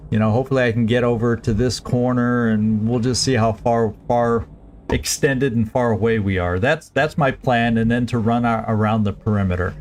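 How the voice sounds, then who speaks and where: A man streaming a strategy game, planning his moves aloud in a halting, casual way with frequent restarts. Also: mid-range voice, steady tone, darkish tone, slight background noise. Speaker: gameplay streamer. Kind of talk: casual let's-play commentary.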